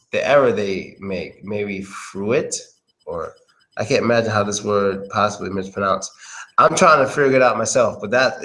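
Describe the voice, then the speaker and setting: Man, low voice, casual pronunciation lesson, rambling, hesitant. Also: fairly bright tone, poor audio. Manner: rambling, thinks aloud, hesitant. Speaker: English pronunciation tutor.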